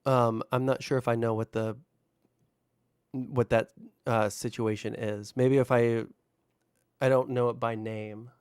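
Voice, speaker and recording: A man's voice: medium pitch, flat delivery, measured pace, long pauses, a little mellow, smooth, no echo, clean studio sound. A man livestreaming and chatting casually with his viewers, rambling with lots of fillers and swearing freely. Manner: talks to chat, unfiltered.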